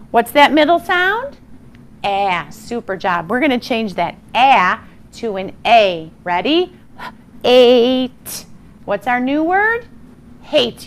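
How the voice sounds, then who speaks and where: A woman teaching a phonics lesson to young children, slow and encouraging, sounding out words with exaggerated care. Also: mid-range voice, a bit bright. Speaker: primary school teacher.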